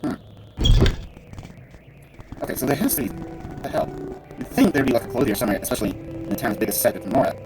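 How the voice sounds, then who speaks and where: Man, casual game commentary, mid-pitched voice, muttering, sudden angry swearing. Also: lively intonation, quick pace, long pauses, over music. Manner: muttering to himself, bursts into cursing rants. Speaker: gamer playing a role-playing game.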